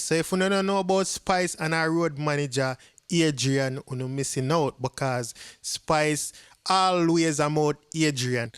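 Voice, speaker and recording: A man's voice: mid-range voice, clear, resonant tone, no room sound, studio quality. A male host with a Jamaican accent giving casual commentary on entertainment gossip, switching between patois and standard English.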